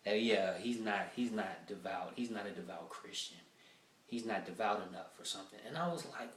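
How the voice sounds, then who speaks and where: A man works through a rough draft of stand-up material, swearing freely and rambling through his stories with plenty of filler words. He sounds set back from the mic, and the room around him is echoey. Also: fairly low pitch, normal speed, distant mic. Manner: profane, rambling storytelling with many fillers. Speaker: stand-up comedian.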